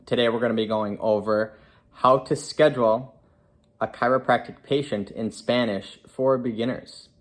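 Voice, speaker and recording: A man's voice: mid-range voice, fairly even intonation, moderate pace. A young man, a chiropractor and native English speaker, giving a casual beginner lesson in a chatty, step-by-step way, now and then correcting himself mid-sentence. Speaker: chiropractor teaching Spanish.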